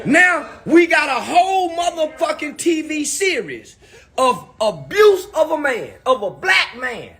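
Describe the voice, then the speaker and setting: A man telling profane stories in an animated, ranting monologue with loud outbursts. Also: very high voice, a little slow, echoey room. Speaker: commentator.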